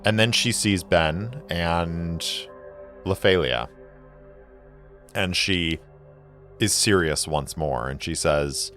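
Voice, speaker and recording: A man with a very low voice narrates a solo tabletop game in slow, deliberate storytelling. He lingers over each scene, and faint music plays underneath. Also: fairly bright tone.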